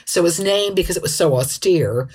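A woman co-hosting a casual chat, playful and quick to laugh, reading listener emails. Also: on the low side, lively intonation, a little mellow, breathy edge. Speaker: podcast co-host.

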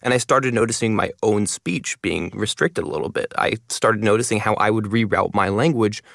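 A man in his twenties, a linguist and content creator, explaining his work in a quick, animated way in an interview. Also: on the low side, creaky, no echo, clean studio sound. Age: 20s. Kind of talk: interview answers.

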